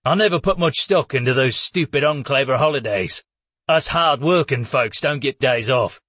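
A man voicing a gruff, stubborn old male warrior who grumbles and swears in a husky voice. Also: mid-range voice, normal speed, a bit bright, no room sound.

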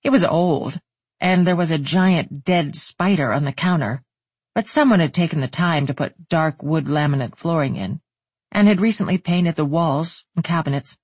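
An audiobook narrator reading a novel in steady, even storytelling. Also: mid-range voice, moderate pace, slightly rough, dry recording.

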